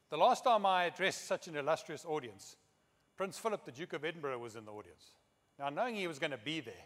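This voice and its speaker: A man's voice: a little high, a bit bright. A middle-aged man giving a conference speech, telling humorous anecdotes and quoting others in his own voice. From South Africa. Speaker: keynote speaker. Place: conference hall. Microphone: podium microphone. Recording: long hall reverb.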